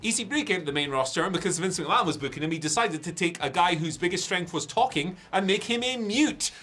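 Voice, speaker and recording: A man with a Scottish accent hosting a casual wrestling news chat, quick and jokey, laughing often. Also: high-pitched, animated, sharp tone, a little hiss or hum. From Scotland.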